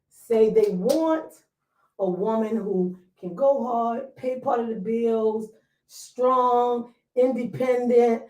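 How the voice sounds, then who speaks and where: A woman hosting a casual talk show, lively and slangy, talking straight to her listeners. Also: fairly high pitch. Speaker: podcast host. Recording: roomy sound, mic far off.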